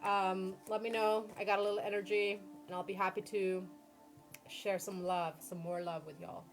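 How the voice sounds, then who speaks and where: A woman giving a tarot reading on a live stream, expressive, swearing freely and acting out her own dialogue. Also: medium pitch, normal speed, soft background music. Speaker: tarot reader. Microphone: phone or computer mic on a live stream.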